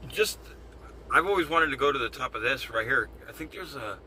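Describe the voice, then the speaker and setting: A man's voice: mid-range voice, sharp tone, slight background noise, poor audio. A young man streaming live from a phone while driving, chatting casually in a rambling, profane way that often trails off mid-sentence. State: out of breath.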